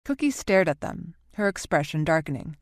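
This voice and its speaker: A woman narrating a novel in a steady, even reading voice. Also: low-pitched, normal speed, no room sound, clean studio sound. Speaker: audiobook narrator. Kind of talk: audiobook narration.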